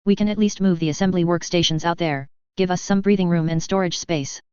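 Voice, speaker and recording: Woman doing a gruff, exasperated shop boss. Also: on the low side, steady tone, brisk, darkish tone, dry recording, highs cut off, lightly acted. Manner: blunt, swearing, exasperated.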